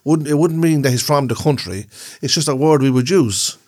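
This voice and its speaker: A man's voice: fairly high pitch, moderate pace, darkish tone. An Irish man co-hosting a podcast, explaining things in a rambling way and repeating himself. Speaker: podcast co-host. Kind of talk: casual chat.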